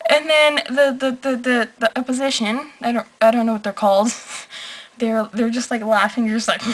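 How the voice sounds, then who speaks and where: Young woman, late-night vlog rant, slightly high voice, effusive, rambling, emotional. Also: fairly quick, slight background noise, rough recording. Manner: gushing, emotional, rambling with many "like"s. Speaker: vlogger. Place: at home at night. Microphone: camera.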